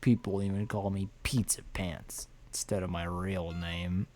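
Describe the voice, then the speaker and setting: A man's voice: low-pitched, flat delivery, a little slow, a little mellow, a little hiss or hum. A man voicing a lovesick, self-pitying young pizza delivery guy in a video game, talking in an overwrought, dramatic way.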